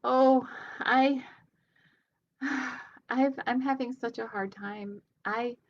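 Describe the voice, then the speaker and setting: A woman's voice: a little high, fairly even intonation, extremely slow, muffled recording, pitched above the performer's own voice. A woman voicing a grieving mother who calls a radio show, speaking in a pleading, distressed way. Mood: distraught.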